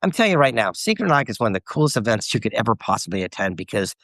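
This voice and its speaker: Animated middle-aged guy telling stories, dry close sound. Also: on the low side, racing, dry recording. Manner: animated storyteller quoting others. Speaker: guest author. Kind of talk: storytelling interview.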